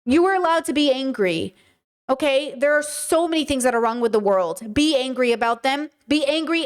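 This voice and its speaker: A woman's voice: high-pitched, expressive, moderate pace. A woman giving reaction commentary, chatty and direct as she lectures her viewers. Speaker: commentary vlogger.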